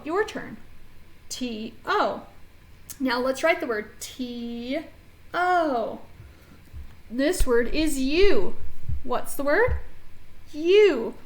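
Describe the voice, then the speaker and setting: A woman teaching an early reading phonics lesson to children, speaking clearly and encouragingly as she models each sound. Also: high-pitched, animated, extremely slow, pauses often, poor audio.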